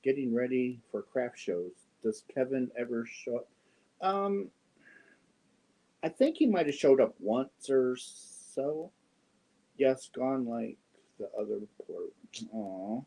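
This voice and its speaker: Mellow-voiced man chatting while crocheting. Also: medium pitch, animated, slow, vocal fry. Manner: chatty, reads viewer comments aloud and coos to his cats. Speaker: crochet livestream host. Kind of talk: casual chat while crocheting.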